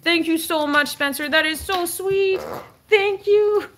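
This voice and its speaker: A young woman hosting a casual livestream, cooing and encouraging her dog and swinging up high when she praises it. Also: a little slow, fairly bright tone, a little hiss or hum.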